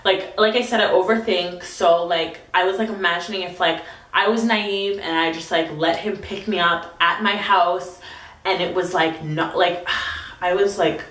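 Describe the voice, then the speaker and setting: A woman in her twenties telling a storytime vlog, chatty and full of "like", reading texts aloud in quick bursts. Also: on the low side, steady tone, a bit bright, echoey room. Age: 20s. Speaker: vlogger.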